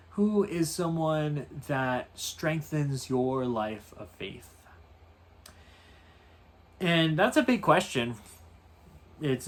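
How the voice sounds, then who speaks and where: A man leading a Bible study as a priest, in a relaxed, thoughtful, conversational teaching manner. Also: medium pitch. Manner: relaxed, thoughtful, with "you know" asides.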